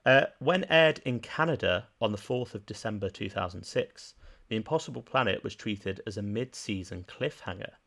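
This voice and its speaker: Speaking at normal speed, a man from England with a Birmingham accent co-hosts a podcast. His voice is fairly low, creaky and a touch bright, and he's chatty, quick to laugh, and reads out production trivia.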